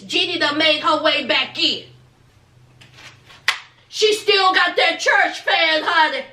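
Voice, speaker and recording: A woman's voice: very high voice, animated, takes it slowly, pushed and bright. A woman giving a casual gossip recap of a reality show, sassy and drawling, with many asides to her viewers. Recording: echoey room.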